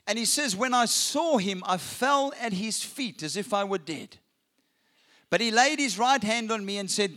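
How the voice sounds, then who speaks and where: A male pastor preaching an Easter sermon in a church, with slow, dramatic pauses for emphasis. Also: high-pitched, a bit bright. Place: church with a balcony.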